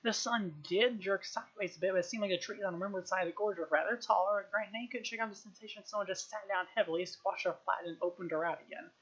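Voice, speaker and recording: A woman reading a novel aloud on a live stream, at a quick pace and with frequent throat-clearing. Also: mid-range voice, fairly even intonation, muffled recording. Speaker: reader, streamer.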